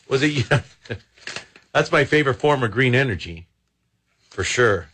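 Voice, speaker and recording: A man's voice: mid-range voice, sing-song, moderate pace, pauses often, a bit bright, slightly rough. A man hosting a talk radio show, riffing aloud in a jokey, sarcastic way. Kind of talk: casual talk radio chat. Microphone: studio microphone.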